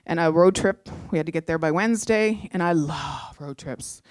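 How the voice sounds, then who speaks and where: A middle-aged woman from Canada telling a personal story, heartfelt, moving between animated and hushed moments. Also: lowish voice, moderate pace, dry recording, clean studio sound.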